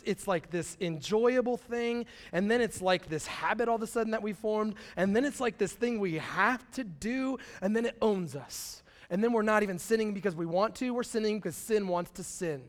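A young man preaching a sermon in a casual, animated storytelling way, full of slang and acted-out quotes. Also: sits high. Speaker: pastor.

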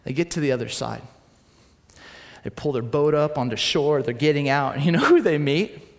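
Young male pastor, high voice, preaching in a church hall with long reverb; dramatic storyteller who drops to a hush. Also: expressive, normal speed. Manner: storytelling, swings between loud and hushed. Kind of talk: sermon.

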